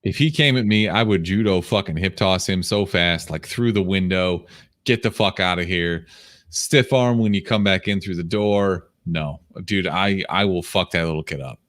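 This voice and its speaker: A man's voice: low voice, normal speed, few pauses, a bit bright, no echo, clean studio sound. A man co-hosting a podcast in casual chat, teasing and profane with mock-tough bravado. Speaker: podcast co-host.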